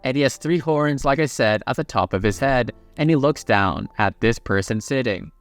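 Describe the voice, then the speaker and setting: A man's voice: mid-range voice, expressive, moderate pace, soft background music. A man narrating a story recap in a casual, chatty way with playful asides.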